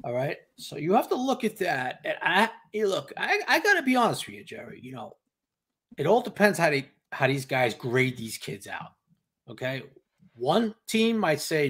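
A man's voice: fairly high pitch, sing-song, moderate pace, a bit bright, breathy edge. A man co-hosting a casual sports talk show, emphatic and repetitive, acting out the reactions of others. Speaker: podcast co-host.

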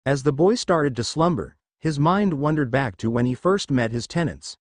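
A man narrating a fan fiction story aloud in a brisk storytelling way. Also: medium pitch, expressive, no room sound, studio quality.

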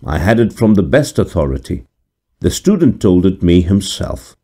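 An older gentleman in a vintage horror tale vouches for his story with calm, matter-of-fact assurance, as a male narrator puts him on. His voice is deep and mellow, with a lively lilt. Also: moderate pace. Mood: assured.

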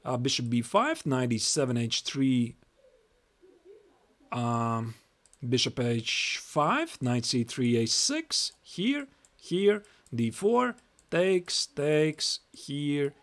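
A man's voice: medium pitch, very animated, extremely slow, fairly bright tone. A young Latvian man with a Latvian accent giving a chatty live-stream chess lesson, reading moves aloud and repeating himself.

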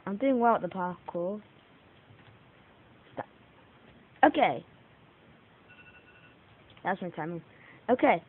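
A woman giving live commentary on her own gameplay, excitable, laughing and mocking herself. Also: mid-range voice, takes it slowly, pauses often. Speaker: gaming video maker. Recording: tinny lo-fi mic with faint hiss.

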